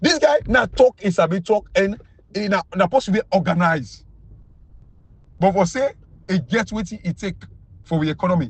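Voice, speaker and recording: A Sierra Leonean man speaking in Krio-accented English, giving a mocking, emphatic political rant that keeps jumping high when he is incredulous. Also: animated, moderate pace, long pauses, breathy edge. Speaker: political commentator.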